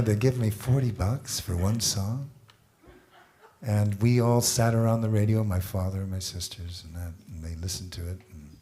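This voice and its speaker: Mellow low-voiced man telling a story. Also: normal speed, slight background noise. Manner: chuckling, anecdotal. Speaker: singer-songwriter. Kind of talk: storytelling between songs at a live event.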